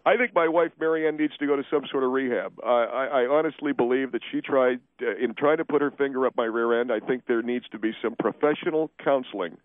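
A man's voice: mid-range voice, fast, few pauses, dry recording, phone-quality sound, natural voice. A man voicing a defensive, blustering middle-aged male steakhouse owner who keeps repeating himself in a radio comedy bit. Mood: indignant. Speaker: guest.

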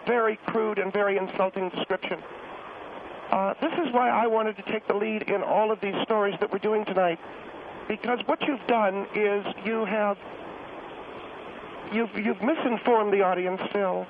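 A man's voice: sits high, fairly even intonation, moderate pace, background noise, pitched above the performer's own voice. A man playing a touchy woman caller on a tinny phone line. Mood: indignant. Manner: indignant, defensive, muddled with numbers. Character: prickly, touchy middle-aged woman caller.

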